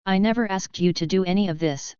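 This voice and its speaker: A woman's voice: medium pitch, brisk, warm tone, clean tone, no echo, natural voice. Casting: heartbroken, pleading young wife, read by a woman, dry, dull sound. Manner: pleading, tearful.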